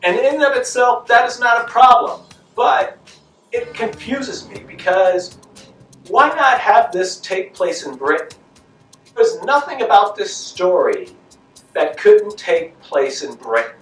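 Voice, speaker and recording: A man's voice: high voice, animated, measured pace, fairly bright tone, far from the mic. A man giving a casual spoken film review, talking conversationally, asking rhetorical questions and repeating his points for emphasis. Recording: echoey room, voice off-mic, faint music.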